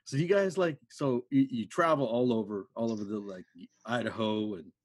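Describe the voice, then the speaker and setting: A man's voice: mid-range voice, moderate pace, dry recording, studio quality. A man in his thirties hosting a podcast, telling casual stories in a laid-back way, full of swearing and "dude". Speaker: podcast host. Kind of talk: casual chat.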